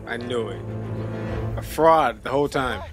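A man hosting a movie reaction, chatting casually and laughing often. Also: mid-range voice. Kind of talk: casual commentary. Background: movie soundtrack.

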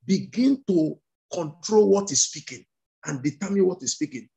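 A man's voice: high voice, animated, normal speed, vocal fry, warm tone, husky. A male pastor leading a fervent prayer sermon over a video call, repeating commands and breaking into tongues. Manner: commanding, repetitive declarations; speaks in tongues between prayers.

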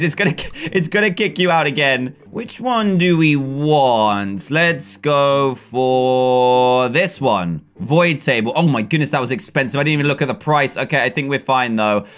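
A young man giving casual, excitable commentary as he plays a video game, laughing often and talking to the other players. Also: fairly high pitch. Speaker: gaming video host. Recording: faint game music behind.

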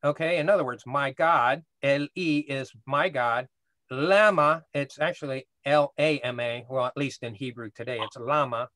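A man's voice: medium pitch, moderate pace, hardly any pauses, a bit bright, no room sound. A man teaching a casual Bible study class, explaining step by step and often checking in with "right?".

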